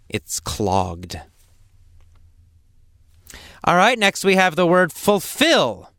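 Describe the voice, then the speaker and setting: Male English teacher, patient and repetitive, clear smooth voice, dry close recording. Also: fairly high pitch, a bit bright, no echo. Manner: slow, patient, repeats words and examples; acts out coughs and sample phrases. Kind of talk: explaining vocabulary in a lesson.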